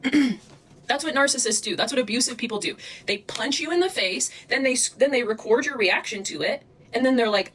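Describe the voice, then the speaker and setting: A woman's voice: on the high side, normal speed, a bit bright, slightly rough, poor audio. Angry woman ranting on a livestream. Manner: angry, profane, confrontational. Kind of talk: livestream rant.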